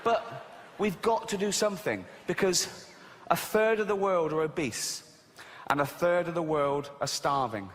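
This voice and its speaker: A man's voice: a little high, a little slow, slight background noise. A man doing a stand-up routine on a live stage, ranting animatedly and mimicking silly voices, with the audience laughing. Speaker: stand-up comedian. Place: live stage in a large venue. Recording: live hall reverb.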